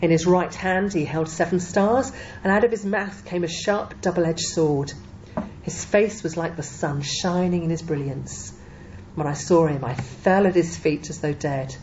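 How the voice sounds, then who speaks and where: Woman preacher, low mellow voice, measured emphatic sermon delivery, dull lo-fi recording with faint hiss. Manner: measured, emphatic Bible teaching with quoted scripture.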